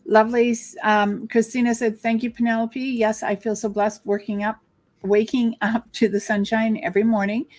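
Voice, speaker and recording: A woman's voice: on the high side, little pitch movement, normal speed, darkish tone, faint music behind. A woman co-hosting a live psychic card-reading stream, chatting and reading viewer comments aloud. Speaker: co-host psychic reader.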